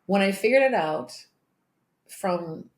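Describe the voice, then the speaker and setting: A woman's voice: mid-range voice, lively intonation, slow, echoey room. A middle-aged woman, a coach being interviewed, telling a personal story candidly and emotionally, with many restarts and laughs. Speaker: guest, empowerment coach.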